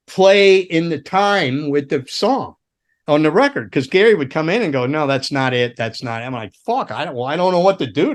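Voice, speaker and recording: A middle-aged man, a former roadie and guitar tech, telling long rambling stories in casual chat, swearing often and laughing along, jumping into sudden high voices to act out the people in them. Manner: rambling, profane, laughs through his stories.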